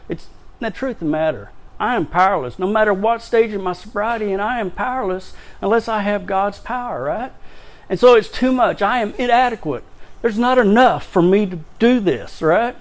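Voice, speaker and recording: A man giving a personal share at a recovery meeting, halting and repeating words, emotional, with self-deprecating humor. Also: high-pitched. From Louisiana, raised in Texas. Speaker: recovery speaker.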